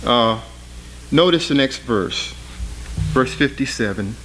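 A man preaching a sermon, reading scripture with rising force and then explaining it in plain, halting talk. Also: expressive, fairly bright tone, soft background music, rough recording. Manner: rises in pitch and volume reading scripture aloud; plain spoken, with fillers and restarts between readings.

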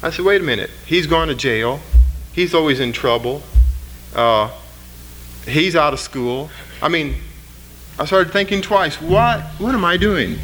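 A man preaching a sermon, reading scripture with rising force and then explaining it in plain, halting talk. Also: expressive, fairly bright tone, faint music behind, poor audio. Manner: rises in pitch and volume reading scripture aloud; plain spoken, with fillers and restarts between readings.

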